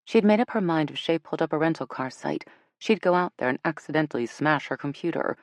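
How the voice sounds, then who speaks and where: A woman reads an audiobook with expressive narration. Her voice is low yet lively in its intonation. The studio recording is close and dry. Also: fast, no echo. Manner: expressive, switches between characters. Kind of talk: scripted narration.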